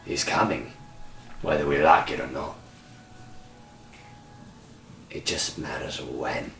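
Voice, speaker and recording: A man's voice: extremely low pitch, normal speed, a bit bright, soft background music. Man doing a sly pipe-smoking trickster woman. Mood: grave. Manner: teasing, calls everyone love. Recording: roomy, distant mic, faint hiss.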